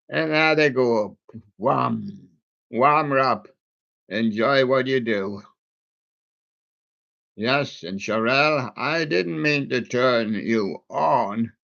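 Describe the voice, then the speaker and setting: A man hosts a live music stream in an unhurried, drawn-out way, making jokes and puns about the songs. His voice comes through dull and lo-fi. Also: medium pitch, creaky, a bit bright. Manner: jokey, punning on song titles. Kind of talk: playful music chat. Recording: dull lo-fi sound.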